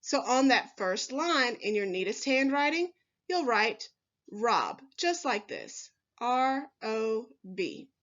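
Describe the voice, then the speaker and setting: A woman teacher giving a recorded first grade phonics lesson, speaking slowly and clearly to young children with encouraging words. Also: on the high side, very animated, fairly bright tone, muffled recording. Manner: slow, clearly enunciated, encouraging teacher talk.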